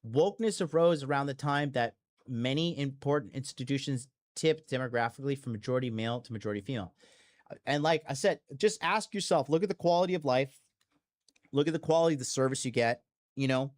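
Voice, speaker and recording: A man's voice: mid-range voice, brisk. A man hosting a podcast in a blunt, profane, rambling monologue full of fillers and restarts. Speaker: podcast host. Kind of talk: casual monologue.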